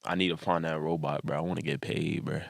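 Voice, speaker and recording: A man's voice: a bass voice, little pitch movement, fast talker, creaky, dry recording, studio quality. A young man co-hosting a podcast, laid-back in casual chat and calling everyone "bro". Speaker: podcast co-host.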